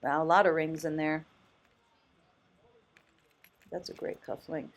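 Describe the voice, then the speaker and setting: A woman's voice: low-pitched, flat delivery, measured pace. Chatty woman thrift vlogger. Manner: chatty and enthusiastic, exclaims and laughs often; muses aloud, thinking out loud. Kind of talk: casual vlog commentary.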